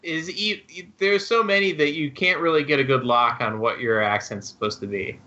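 A man with a bright, forceful voice and a slightly raised pitch, riffing wryly in a casual comedic chat. The audio is somewhat dull and lo-fi. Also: moderate pace. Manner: riffing, joking, wry.

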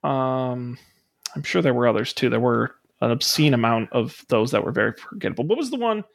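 A man's voice: medium pitch, animated, a little fast, vocal fry. A man hosting a casual podcast, chatty and upbeat, with frequent ums and uhs as he plugs the show. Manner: upbeat and enthusiastic when plugging the show. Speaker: podcast host.

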